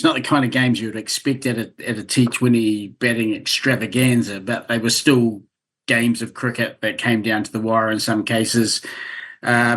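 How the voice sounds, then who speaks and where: A man's voice: mid-range voice, fairly bright tone. A man with a New Zealand accent, a guest on a podcast, talking things through in a thoughtful, wry, rambling way. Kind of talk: casual chat.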